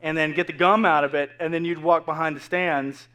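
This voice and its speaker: A man's voice: a little high, steady tone, brisk, bright, forceful tone. A man in his thirties preaching a casual, joking sermon full of asides to the congregation. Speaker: pastor. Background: faint crowd.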